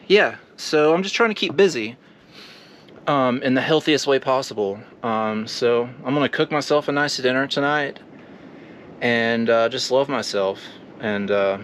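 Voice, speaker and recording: Slow, rambling man outdoors. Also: medium pitch, a bit bright, a little hiss or hum. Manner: slow, rambling, laid-back talk with many fillers. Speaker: camping vlogger. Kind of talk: casual solo camping vlog. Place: outdoors at a windy campsite.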